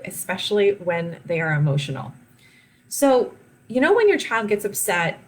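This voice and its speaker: A woman in her thirties, a parenting coach, talking chattily to viewers on a livestream and laughing often. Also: on the low side.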